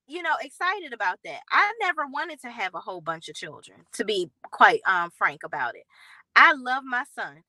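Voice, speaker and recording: A woman hosting a reality TV recap vlog, talking bluntly and with sass, in slangy, animated storytelling. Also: on the high side, moderate pace, no echo, rough recording. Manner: blunt, sassy, slangy commentary; animated storytelling with acted quotes.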